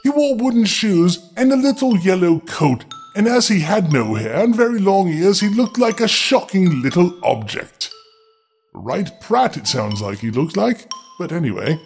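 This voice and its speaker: A man's voice: sits high, measured pace, husky, faint music behind. A man hosting a show, reading a fairy tale in a dramatic way and breaking off into wry, joking asides. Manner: playful, wry, expressive. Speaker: storyteller host.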